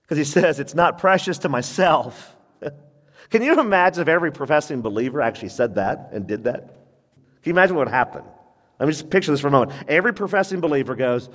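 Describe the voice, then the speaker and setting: A man preaching a radio sermon as pastor, animated, jumping into sudden high-pitched emphasis. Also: normal speed, in a large hall.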